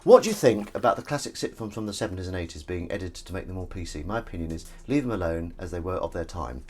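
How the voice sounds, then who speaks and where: A man's voice: deep voice, animated, quick pace, darkish tone, husky. A man hosting a livestream, chatting and rambling while washing dishes. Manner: rambling, chatty, self-interrupting. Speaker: livestream host. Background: clattering dishes and cutlery.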